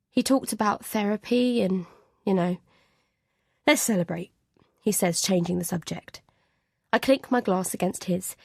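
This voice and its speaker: A woman reading a first-person suspense thriller audiobook in an even, measured voice, at times dropping to a whisper in tense dialogue. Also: mid-range voice, gravelly, no echo, clean studio sound. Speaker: audiobook narrator.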